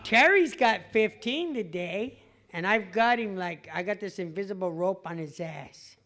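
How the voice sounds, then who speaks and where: A woman's voice: medium pitch, lively intonation, unhurried, a bit bright. Middle-aged woman, recovery meeting speaker, blunt street talk, swears, laughs at herself. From California. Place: meeting hall before an audience.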